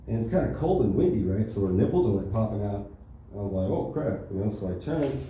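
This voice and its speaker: Young male stand-up comic, deep and mellow, deadpan; club recording, roomy and far off. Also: quick pace. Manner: deadpan one-liners with lots of filler words. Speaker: stand-up comic at an open mic. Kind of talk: stand-up comedy set. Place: comedy club stage. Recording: echoey club, distant mic, faint noise.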